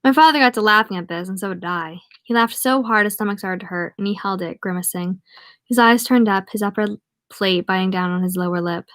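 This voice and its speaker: A woman's voice: mid-range voice, fairly quick, fairly bright tone, no echo. A woman reading a novel aloud in a casual way, now and then stopping to add wry comments of her own. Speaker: audiobook reader. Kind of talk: casual read-aloud with asides.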